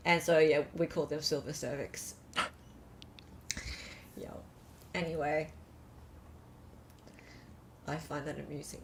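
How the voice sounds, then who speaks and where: A woman's voice: low-pitched, flat delivery, takes it slowly, pauses often, noisy background. A woman hosting a live stream, chatting casually and reading out viewer comments. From Australia. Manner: chatty, reads viewer comments aloud, lots of fillers.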